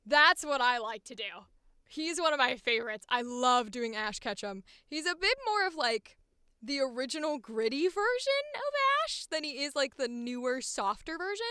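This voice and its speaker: A woman's voice: sits high, expressive, normal speed, sharp tone, clean tone, no room sound, studio quality. A young woman, a voice actor, chatting casually and bubbly on a livestream, rambling and laughing often. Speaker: voice actor streamer.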